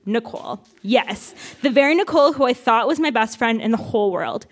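A woman's voice: a little high, animated, fairly quick. A woman reading her teenage diary aloud on a theatre stage, often laughing through her lines. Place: theatre stage with a live audience.

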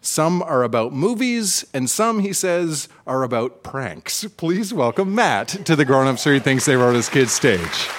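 A man's voice: medium pitch, sing-song, measured pace, few pauses, slight background noise. A man hosting a live reading show on stage, introducing readers with admiring comments. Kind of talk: onstage introductions. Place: live stage before an audience. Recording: crowd and music behind, heard from a distance.

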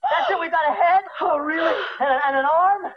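An actress playing a shrill, shouting woman in a comedy clip. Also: moderate pace. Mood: shrieking. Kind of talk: sitcom acting. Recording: dull clip with loud background noise.

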